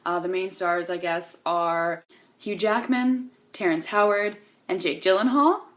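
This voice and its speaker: A woman's voice: fairly low pitch, unhurried, fairly bright tone. Bubbly, gushing young woman vlogger. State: tired, coming down with a cold. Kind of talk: casual chat to camera.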